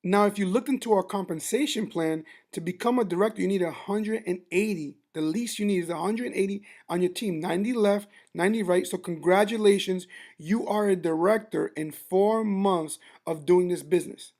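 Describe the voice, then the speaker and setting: A man's voice: high-pitched, normal speed, darkish tone. Male business trainer, motivational training talk, emphatic and repetitive for impact. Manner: emphatic, repeats words for impact.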